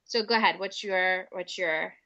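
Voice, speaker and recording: A woman's voice: fairly low pitch, steady tone, normal speed, bright, forceful tone, highs cut off. A woman co-hosting a podcast, chatting and teasing her co-host, often laughing. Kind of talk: casual chat.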